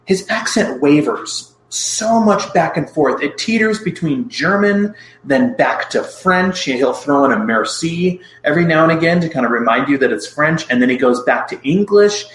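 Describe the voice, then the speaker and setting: A man's voice: a little high, animated, moderate pace, hardly any pauses, a bit bright, slight background noise. Chatty man in a roomy room. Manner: chatty, recapping plot with asides. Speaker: podcast co-host. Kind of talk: casual film review chat.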